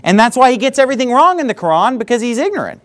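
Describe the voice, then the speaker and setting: A man preaching a sermon in church, animated and mocking, with frequent laughing asides. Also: very high-pitched, very fast. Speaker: pastor.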